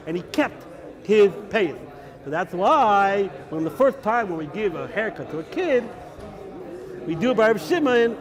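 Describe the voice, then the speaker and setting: A man teaching as a rabbi, animated and conversational, peppering his story with Hebrew and Yiddish terms in a lecture room with students. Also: high voice. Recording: class recording with listening crowd.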